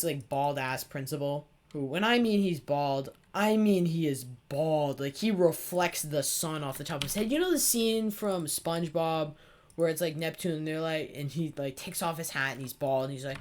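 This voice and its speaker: With slight background noise behind him, a teenage boy with a fairly high-pitched male voice hosts a gaming video. He tells a rambling, sarcastic story full of swearing as he plays.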